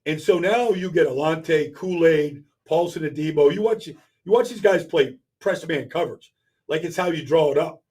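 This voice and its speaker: A man with a slightly raised, husky voice breaks down football in casual studio chat. He talks in emphatic bursts and stacks repeated words as he works up to each point. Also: a little high, moderate pace, a little mellow. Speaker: regular guest analyst. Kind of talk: casual sports talk.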